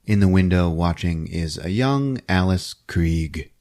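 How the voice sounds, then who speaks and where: A man hosting a podcast, recapping a movie in a comedic, animated way. He laughs often and acts out the characters' lines. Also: deep voice, a little slow. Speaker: podcast host. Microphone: podcast microphone.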